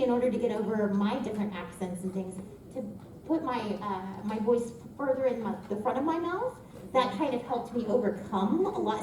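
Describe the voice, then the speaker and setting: A woman from Texas, a voice actor on a convention panel, telling stories with a lot of laughter. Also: a little high. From Texas, USA. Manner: animated, laughing storyteller. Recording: echoey convention hall, distant mic, noise.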